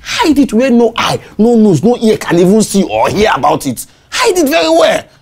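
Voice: medium pitch, big pitch swings, normal speed, a little mellow, husky. An actor playing a scheming two-faced neighbour who soothes and plots, full of fillers and stammers, with a Nigerian accent.

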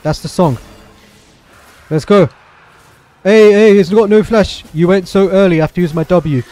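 A young man streaming a video game, chatting excitedly through the match and answering his chat. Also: high-pitched, moderate pace, dry recording. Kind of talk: live gameplay commentary.

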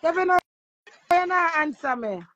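A woman with a Jamaican accent, a social media influencer, talking loudly and boastfully in casual patois and swearing freely. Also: very high voice, expressive, a little slow, dull audio. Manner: loud, profane and boastful. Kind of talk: brash casual talk in patois.

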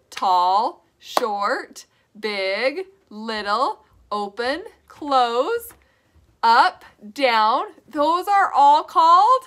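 A young woman leads a preschool lesson in a high, bright voice. She speaks slowly and in a sing-song way, asking little children questions and cheering their answers. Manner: slow, sing-song, encouraging prompts to children. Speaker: preschool teacher.

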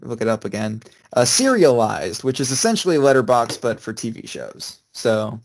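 A man's voice: mid-range voice, sing-song, moderate pace, gravelly. A young man co-hosting a podcast, talking in a rambling, hesitant way with many restarts. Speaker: podcast co-host. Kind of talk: casual chat.

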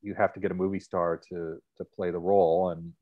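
A middle-aged man, a guest in a casual interview, telling stories in a relaxed, rambling way. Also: low-pitched, fairly quick, dry recording, narrow, tinny audio.

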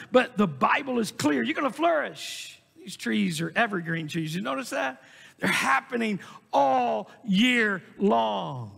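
A male pastor preaching in a church sanctuary, his voice pitched high and heavily gravelly. He drives his points home with emphatic rises, sometimes breaking into shouts. The sound carries a long reverb from the hall. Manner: emphatic preaching, rising to shouts on key lines. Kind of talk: sermon.

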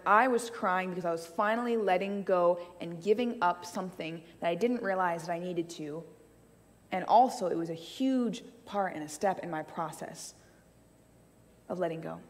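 A woman's voice: on the low side, in a large hall. A woman giving a sermon, telling a personal story with playful asides. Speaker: church speaker. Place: church hall.

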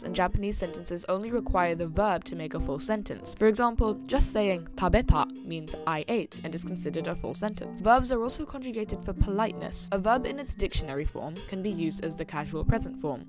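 A woman reading a scripted language lesson as a voice-over, explaining points clearly and steadily. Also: fairly low pitch. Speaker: language educator. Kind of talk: scripted educational narration. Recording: clear music playing behind the voice. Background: background music.

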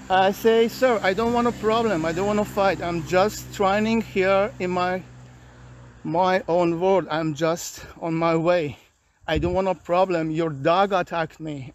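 A high-voiced man talks to his camera from a park, his halting and restless. He sounds worn out and agitated. The sound is dry and close, with no room echo. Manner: agitated, weary, halting non-native English. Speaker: vlogger. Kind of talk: personal video complaint. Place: outdoors in a park.

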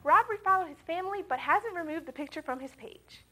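A young woman hosting an entertainment news segment, reading a script in a crisp, upbeat way. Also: very high-pitched, expressive, brisk, pushed and bright. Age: young adult.

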